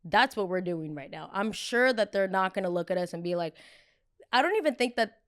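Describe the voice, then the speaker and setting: A woman in her twenties hosting a podcast, telling a story in a casual, animated way, acting out arguments and swearing freely. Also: mid-range voice, brisk. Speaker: podcast host.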